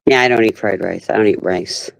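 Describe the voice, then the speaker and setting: A woman's voice: very deep voice, brisk, gravelly, no room sound, low-quality recording. A woman hosting a casual group chat, teasing her guests and laughing often. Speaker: host of an open chat panel.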